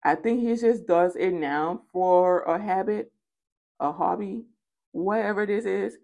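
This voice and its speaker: A woman's voice: mid-range voice, a little slow, vocal fry, warm tone. A woman giving a spoken tarot reading, casual and chatty, repeating phrases for emphasis. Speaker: tarot reader.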